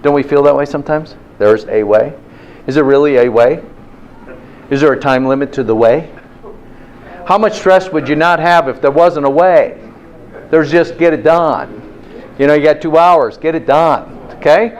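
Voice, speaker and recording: A man's voice: fairly high pitch, moderate pace, pauses often, dull audio, slight background noise. A man hosting a motivational health talk, telling stories and firing rhetorical questions at his listeners. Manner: lively storyteller with rhetorical questions.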